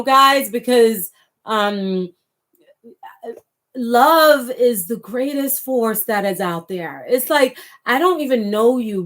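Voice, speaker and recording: Middle-aged woman on a livestream, fired up and chatty, voice a bit high. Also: a bit bright. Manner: impassioned, reads viewer comments aloud. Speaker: livestream host. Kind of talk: casual livestream talk.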